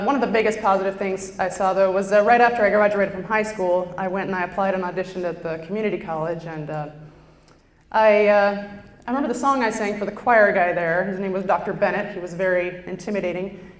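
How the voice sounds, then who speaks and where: Chatty woman storytelling on a roomy stage. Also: mid-range voice. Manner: self-deprecating, chatty, with frequent "uh" fillers. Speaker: stand-up performer. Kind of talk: stand-up storytelling. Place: stage before a live audience. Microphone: lapel mic. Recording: roomy stage hall echo.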